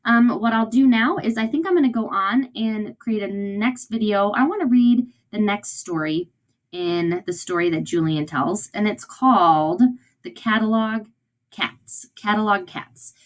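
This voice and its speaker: A woman's voice: medium pitch, a little slow. A woman teacher giving a recorded read-aloud lesson to young children in an encouraging way, often checking in with them.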